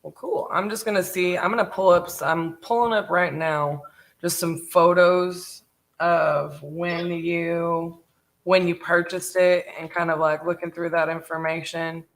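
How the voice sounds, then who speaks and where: A woman's voice: fairly low pitch, fairly even intonation, measured pace. A woman with a Southern US accent leading a live sales call as host, friendly and affirming, mirroring the caller. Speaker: real estate investor, host.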